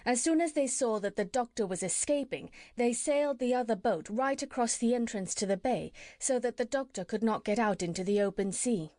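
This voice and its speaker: A woman narrating a classic children's story as an audiobook reader, steady and clear. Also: a little high, a little fast, hardly any pauses, no echo. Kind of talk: scripted narration.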